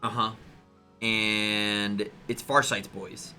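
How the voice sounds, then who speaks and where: Bright, forceful male host, chatty and rambling, faint music behind. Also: on the low side, drawn-out words. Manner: rambling, animated storytelling with voiced asides. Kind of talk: casual chat.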